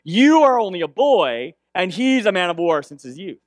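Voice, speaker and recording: A man's voice: high-pitched, very animated, normal speed, no room sound. A scornful king scoffs in a raised, strained voice, as a preacher puts him on. He sounds incredulous and dismissive, in a dry close sound. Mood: scoffing.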